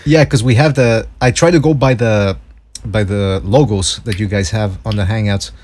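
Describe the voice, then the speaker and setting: Husky-voiced American podcast host. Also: male voice, fairly low pitch, moderate pace, darkish tone. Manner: swears freely, laughs often. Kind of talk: casual boxing podcast chat.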